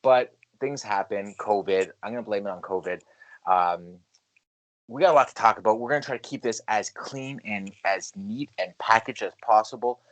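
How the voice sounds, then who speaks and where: A man co-hosting a casual sports podcast, hyped and loud on the intros. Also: on the low side, moderate pace. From Canada. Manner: hyped, shouty announcer-style intros. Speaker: podcast co-host.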